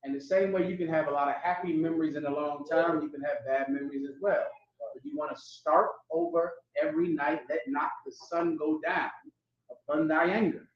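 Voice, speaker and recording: A man hosting a live class, giving emphatic, preachy commentary in a loud, street-talking manner. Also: on the high side, steady tone, brisk. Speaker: host teaching a class. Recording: echoey, muffled room sound.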